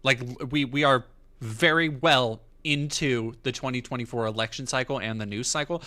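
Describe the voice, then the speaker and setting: A man's voice: mid-range voice, a little fast, bright, forceful tone. A man casually commenting on clips as a streamer, sarcastic and swearing freely.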